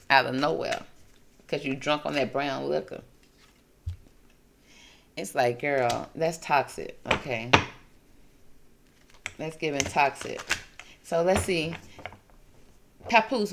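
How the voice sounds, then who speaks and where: Sassy low-voiced woman reading tarot. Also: gravelly, noisy background. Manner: sassy, gossipy, calls listeners honey and baby. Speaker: tarot reader host. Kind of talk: casual tarot reading commentary.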